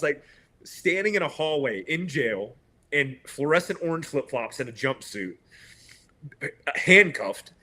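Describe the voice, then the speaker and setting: Bright-voiced man telling a story. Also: mid-range voice. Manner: retells with quoted dialogue and laughs. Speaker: interview guest. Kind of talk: animated storytelling.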